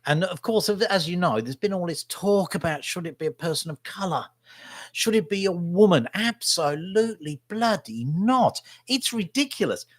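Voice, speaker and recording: A man's voice: high-pitched, normal speed, no room sound, studio quality. Chatty, opinionated middle-aged man. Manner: opinionated, chatty, keeps tagging "right?". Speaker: vlogger and local newspaper photographer. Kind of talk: casual rambling monologue.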